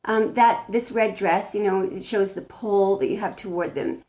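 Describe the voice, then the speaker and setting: A woman's voice: mid-range voice, moderate pace, a little mellow. A woman giving blunt spiritual relationship advice as a tarot reader, talking straight to camera and often restarting her sentences. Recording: roomy echo.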